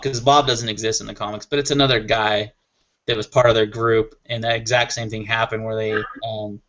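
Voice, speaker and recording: A man's voice: on the low side, pushed and bright. A man on a panel chat show, talking casually and with enthusiasm, rambling a little and laughing often. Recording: muffled lo-fi audio.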